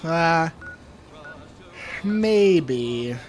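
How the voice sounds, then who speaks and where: A man's voice: on the high side, lively intonation, drawn-out words. A young man co-hosting a let's play, joking sarcastically and rambling while he has the hiccups. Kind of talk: casual gameplay banter.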